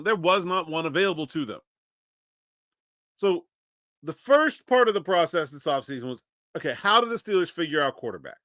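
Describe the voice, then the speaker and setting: A man's voice: high-pitched, bright, forceful tone, dry recording, studio quality. A man hosting a daily solo sports podcast, talking conversationally and thinking aloud with frequent restarts. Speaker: podcast host.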